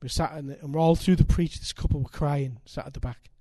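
An older man, preaching a sermon and telling stories with animated, emphatic delivery. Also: on the high side, quick pace, dry recording. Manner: animated, building to loud emphatic peaks. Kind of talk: sermon with storytelling.

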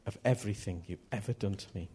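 A man's voice: lowish voice, fast, noisy background. A man preaching a sermon in an earnest manner, often repeating key phrases.

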